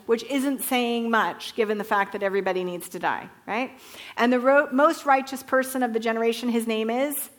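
A woman's voice: fairly high pitch, a bit bright. A woman teaching Bible stories to a group, telling them with animation and asking listeners to repeat words.

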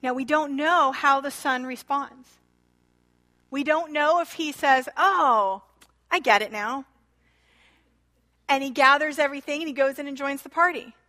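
A woman's voice: measured pace, long pauses. A woman preaching a sermon in a church, retelling a parable expressively and acting out the quoted lines. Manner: expressive, acts out quoted speech with shifting pitch and loudness. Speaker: pastor.

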